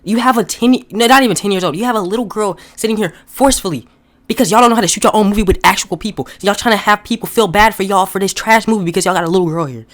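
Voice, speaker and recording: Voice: mid-range voice, racing, a bit bright. A comedic movie reviewer who rants in exasperation and keeps repeating outraged questions about a bad film.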